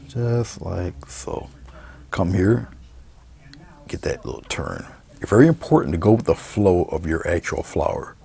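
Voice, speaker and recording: A man giving a painting demonstration, talking through each brushstroke in a relaxed, murmured way. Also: low voice, creaky, breathy edge. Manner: relaxed, murmured step-by-step commentary while painting. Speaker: painting instructor.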